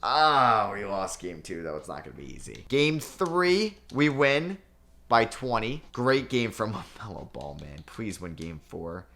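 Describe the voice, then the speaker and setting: A young man casually commenting on his basketball video game season, swinging between nervous groans and excited cheers. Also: lowish voice, unhurried. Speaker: gaming channel host.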